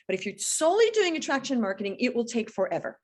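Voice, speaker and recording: A woman in her fifties speaks as a guest on an interview podcast, coaching with energy and emphasis. Her fairly high voice swoops up and down with lively intonation as she pushes each point home. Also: fast talker. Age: 50s. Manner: energetic, emphatic, animated storytelling.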